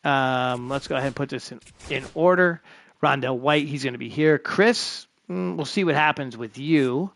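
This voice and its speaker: With a gravelly, fairly bright mid-range voice at normal speed, a gaming streamer talks to himself while sorting his roster in a baseball management game. It's chatty live commentary, and there's no room sound.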